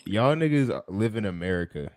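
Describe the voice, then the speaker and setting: A man's voice: fairly low pitch, animated, normal speed, background noise. A young man co-hosting a podcast, chatting in a laid-back, rambling way and laughing easily. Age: young adult. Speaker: podcast co-host. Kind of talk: casual podcast chat.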